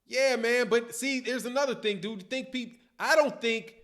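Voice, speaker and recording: A man hosting a boxing channel live stream, reading viewer comments and answering them in casual, animated talk. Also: extremely high pitch, moderate pace. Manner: animated, addresses viewers, reads comments aloud.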